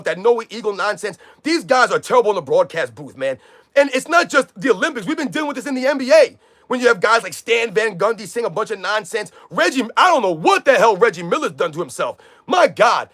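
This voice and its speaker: A man ranting loudly on a sports live stream, combative and repetitive, calling out chat viewers by name. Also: very high-pitched. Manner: loud, combative, repetitive rant.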